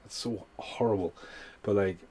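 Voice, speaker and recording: A man's voice: on the low side, normal speed, warm tone, a little hiss or hum. A man giving a rambling, heavily sworn casual film review, full of fillers. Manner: swears a lot, rambling with many fillers. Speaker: movie reviewer.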